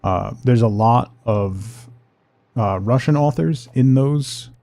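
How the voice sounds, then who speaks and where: A man chatting casually with his viewers while playing a game on a livestream, relaxed and rambling. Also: medium pitch, slow, vocal fry, dry recording, faint music behind. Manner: relaxed, rambling, talks to chat. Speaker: streamer.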